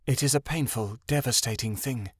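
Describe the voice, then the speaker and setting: A man voicing a mysterious she-wolf who speaks quietly and solemnly. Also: mid-range voice, moderate pace, breathy edge, no room sound, studio quality, lightly acted. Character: mysterious sandy she-wolf, calm and commanding.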